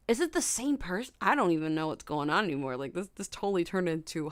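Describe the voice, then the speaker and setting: A young woman hosting a casual livestream from her bedroom at night, startled, sometimes hushed and humming melodies high. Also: lively intonation, fast talker, few pauses, no room sound. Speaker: livestream host.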